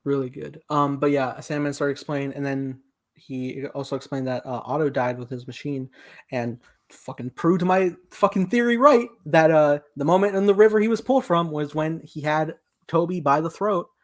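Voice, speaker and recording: A man's voice: on the high side, fairly even intonation, moderate pace. A young man casually recapping a film on a podcast, loose and rambling, with frequent swearing. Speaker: podcast host. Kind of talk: casual movie review chat.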